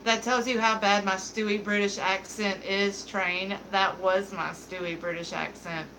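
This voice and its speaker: A young adult woman hosting a beauty livestream, her voice bright and a little sharp. She talks in an unhurried, drawn-out way. She stays giggly and candid while she chats with her viewers. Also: mid-range voice, level tone, a little hiss or hum, rough recording. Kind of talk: casual livestream chat, reading viewer comments.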